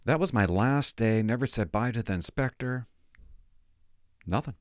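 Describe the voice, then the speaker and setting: An older man, a retired police officer, telling rambling, candid stories to his viewers in casual talk, swinging between loud asides and hushed remarks. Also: mid-range voice, normal speed, dry recording, clean studio sound.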